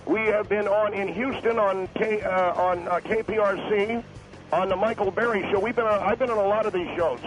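A man's voice: sits high, steady tone, moderate pace, over music, pitched above the performer's own voice, lightly acted. A man voicing a pompous middle-aged taxpayer advocate who calls in to a radio show, lecturing and refusing to be interrupted. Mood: insistent. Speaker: caller guest. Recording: tinny phone line.

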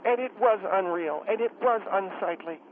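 Brief: man putting on a catty, rambling middle-aged woman caller, high voice, phone-line sound. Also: moderate pace, slight background noise, close to an everyday voice. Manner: rambling, indignant, mocking.

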